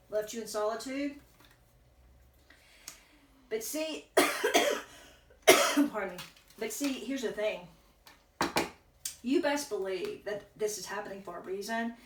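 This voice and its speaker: A woman's voice: mid-range voice, background noise. A woman giving a casual tarot reading, rambling and correcting herself as she thinks aloud while chewing gum. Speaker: tarot reader. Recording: echoey room, distant from mic.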